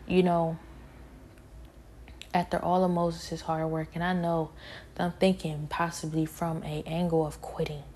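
A weary woman with a low-ish voice preaches an impassioned sermon. She's emphatic and repetitive, building her talk to forceful peaks.

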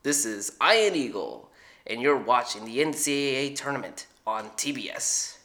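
A man doing an impression of a basketball network announcer, slow and measured. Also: mid-range voice, lively intonation, fairly bright tone. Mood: formal. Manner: slow, measured intro delivery.

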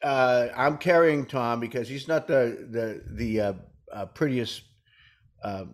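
A man in casual comedic banter, spinning folksy old-timer jokes. He laughs easily at his own punchlines, and his voice sits at an ordinary middle pitch. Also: slow. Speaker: co-host. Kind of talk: joke-telling banter.

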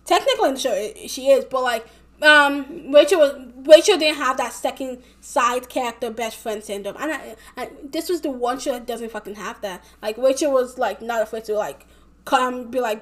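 A woman's voice: sits high, fairly quick. A young woman rambling casually in a vlog, packing her talk with fillers and swearing a lot. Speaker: vlogger.

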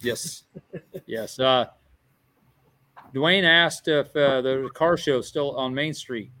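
An easygoing male podcast host who chats casually and loosely, with plenty of fillers and restarts. His voice sits in a middle pitch. It is recorded dry and close to the mic. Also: takes it slowly, bright, forceful tone, no echo. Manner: easygoing, chatty, many fillers. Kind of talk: casual chat.

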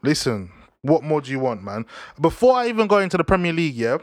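A man's voice: fairly high pitch, big pitch swings, fast talker, no room sound. Slangy young London man, dry sound. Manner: slangy, repetitive, preachy. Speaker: podcast host. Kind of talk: casual news and football chat.

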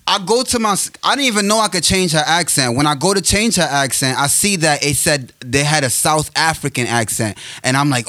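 A young man, telling jokey stories in a casual podcast chat. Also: a little high. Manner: animated storyteller, laughs often, joking.

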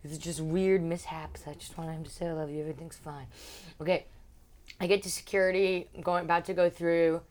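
A woman's voice: lowish voice, fairly even intonation, fairly quick, darkish tone. A young woman, a stand-up comedian, telling a story in casual podcast chat and acting out other people's lines in big voices. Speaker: podcast co-host.

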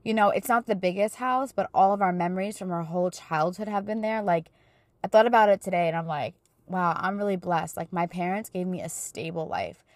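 A woman's voice: on the low side, a little fast, no echo. A woman in her thirties hosting a casual faith talk, telling stories in an earnest, chatty way with plenty of fillers. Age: 30s. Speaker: podcast host.

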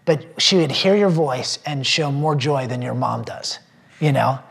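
A man's voice: medium pitch, a little slow, gravelly. A man, a pastor, sharing a personal testimony with a small group, earnest and rambling with many fillers and restarts, emotional at times. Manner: emotional when telling faith stories.

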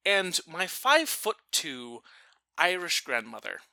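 A man telling a family story in a casual chat, animated and often breaking off to restart his sentences. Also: on the high side, takes it slowly, creaky, no room sound. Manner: animated, self-interrupting.

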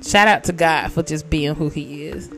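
A woman hosting her own podcast in a rambling, profane monologue, laughing at her own jokes and jumping between loud bursts and quiet asides. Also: moderate pace, vocal fry, faint music behind. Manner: big swings in loudness and pitch, bursts of shouting. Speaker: podcast host. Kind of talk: casual solo podcast monologue.

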